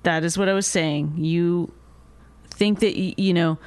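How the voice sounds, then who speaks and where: A woman co-hosting with her husband, arguing back in a measured, pointed way. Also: lowish voice, fairly even intonation, darkish tone, smooth, dry recording. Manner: measured and pointed, often trails off. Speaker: co-host, the host's wife. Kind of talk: casual couple argument on a podcast.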